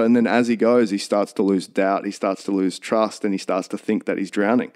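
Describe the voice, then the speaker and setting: A man's voice: fairly low pitch, a little fast, hardly any pauses, a little mellow. A man co-hosting a podcast, talking earnestly in a rambling, casual way with many restarts. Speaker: podcast co-host.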